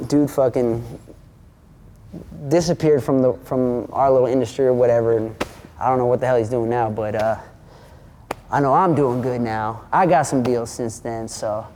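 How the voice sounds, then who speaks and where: A man's voice: medium pitch, normal speed, pauses often, a little hiss or hum. A man in his thirties telling a story as an interview guest, swearing freely and acting out the other people's lines. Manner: animated, acts out quoted dialogue, swears freely. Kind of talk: casual storytelling.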